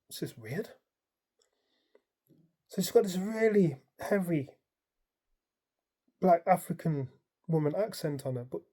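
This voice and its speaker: A man casually recounting a dream in the present tense. He rambles, filling his story with "like" and "um". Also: fairly high pitch. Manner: rambling, animated retelling full of "like" and "um". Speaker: dream vlogger.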